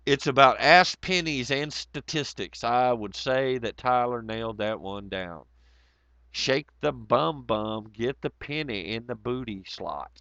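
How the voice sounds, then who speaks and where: A man's voice: medium pitch, lively intonation, measured pace, vocal fry, sharp tone, dry recording. A man hosting a casual livestream, reading chat comments aloud and rambling in a profane, sarcastic way. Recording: dull lo-fi audio.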